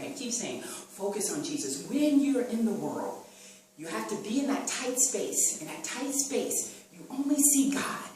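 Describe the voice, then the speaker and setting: Female preacher, animated and repetitive, mic set back, faint hiss behind her. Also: a little high. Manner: animated, repeats phrases, acts out sounds and quotes. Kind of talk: sermon. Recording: echoey room from far off with faint noise.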